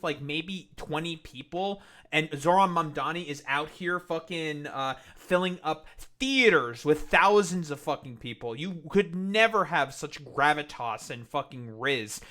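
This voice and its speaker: A man's voice: a little high, animated, a little slow, hardly any pauses, sharp tone. A man ranting profanely on a live stream, mocking and heated.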